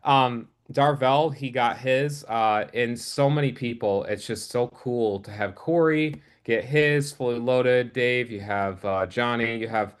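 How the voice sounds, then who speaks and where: A man presenting a business opportunity on a casual group video call, halting and restarting his sentences. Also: medium pitch, clean tone.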